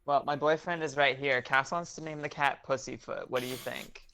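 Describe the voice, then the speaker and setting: A woman's voice: extremely low pitch, steady tone, fairly quick, fairly bright tone. A woman hosting a stream in casual chat, playful and self-mocking, laughing often. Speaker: stream host.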